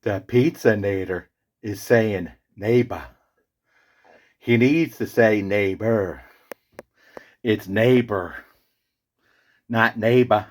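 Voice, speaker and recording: A man's voice: lowish voice, slow, pauses often. A man voicing a fussy, pedantic male character who keeps correcting others in a comedy skit. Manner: correcting, know-it-all.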